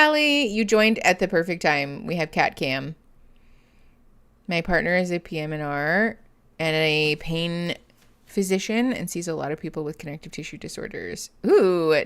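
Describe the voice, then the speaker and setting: A woman's voice: fairly low pitch, fairly bright tone. A woman therapist hosting a casual live stream, chatting and laughing often as she reads viewer comments. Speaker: therapist and livestream host.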